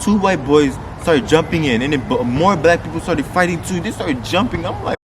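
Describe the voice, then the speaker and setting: A man vlogging a story time, swearing freely and jumping to loud outbursts when he quotes people. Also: on the high side, normal speed. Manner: animated, swearing, loud bursts when quoting. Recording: noisy outdoor street sound.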